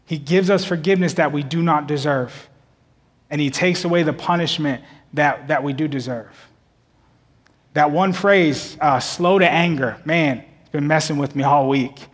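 A man in his thirties delivering a sermon in a church, his voice set a little high. He talks in a loose conversational way and doubles back on words. The sound rings with a long reverb off the hall walls. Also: moderate pace. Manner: conversational, repeats words and phrases. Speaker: preacher.

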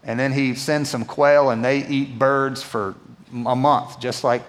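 Male pastor, middle pitch, animated conversational preaching, church hall with long reverb. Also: unhurried. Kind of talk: sermon. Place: church auditorium.

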